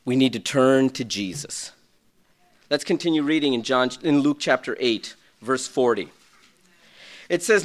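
A man preaching a sermon, swinging from shouted peaks to quiet storytelling. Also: mid-range voice, expressive, unhurried, long pauses. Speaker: pastor.

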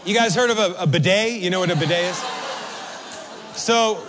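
A male pastor preaching a sermon, telling a story with animated, acted-out reactions. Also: high-pitched, normal speed, crowd noise, background noise. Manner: animated, acts out his own reactions.

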